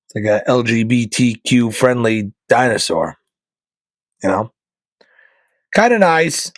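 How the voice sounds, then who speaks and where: Male podcast host from northeastern Pennsylvania, mid-pitched, deadpan, rambling comic monologue on a dry mic. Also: slow pace, no room sound. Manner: deadpan joking, rambling asides. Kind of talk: casual comedic monologue.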